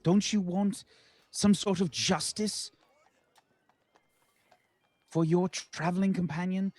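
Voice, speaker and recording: A man voicing a polite, formal adventurer who speaks in a measured, persuasive way. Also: high voice, fairly even intonation, darkish tone, no echo, faint music behind. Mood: earnest.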